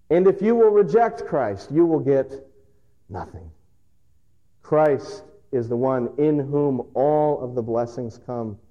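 A male pastor preaching a sermon, telling stories with emphatic pauses. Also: a little high, warm tone, highs cut off. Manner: storytelling, emphatic with dramatic pauses.

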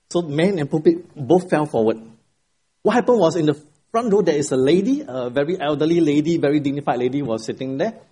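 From the pulpit of a church sanctuary, a middle-aged male pastor delivers a Sunday sermon that opens with a joke and a prayer. His mellow, slightly husky voice sits on the high side, and he tells stories expressively, rising emphatically on key words before dropping back to a soft, quiet tone.

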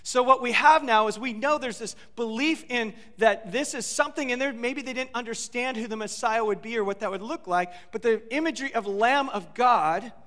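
High bright-voiced preacher in a reverberant hall. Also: male voice, normal speed, hardly any pauses. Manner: animated, acts out quotes, asks rhetorical questions. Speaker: pastor. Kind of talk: sermon.

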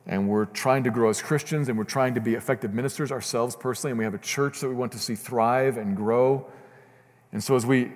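Pastor preaching in a reverberant hall. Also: male voice, medium pitch, darkish tone. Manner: earnest, builds to fervent emphasis. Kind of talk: sermon. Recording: long reverb of a church hall.

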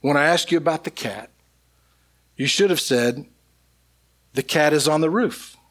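An exasperated wife, as a male preacher puts her on in his own fairly high voice. She scolds her husband and lays out, step by step, how he should have broken the bad news. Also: a little slow.

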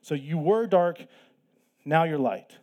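A man's voice: fairly high pitch, lively intonation, slow pace, dark tone. A man preaching a sermon in a conversational, teaching way, emphatic at times and often restarting his sentences. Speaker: pastor.

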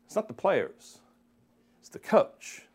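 A man's voice: slow, a little mellow. A man preaching a sermon, who calls his listeners friends and keeps asking them rhetorical questions. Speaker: pastor.

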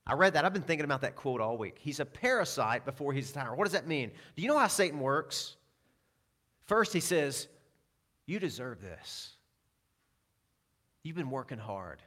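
A man preaching a sermon as pastor, telling personal stories with self-deprecating asides and dropping to a hushed tone for scripture. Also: a little high, expressive, fairly quick.

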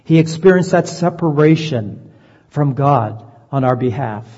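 A man preaching a sermon in an earnest voice, slowing down to stress key phrases. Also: mid-range voice, animated, a little mellow. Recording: dull lo-fi sound, long reverb.

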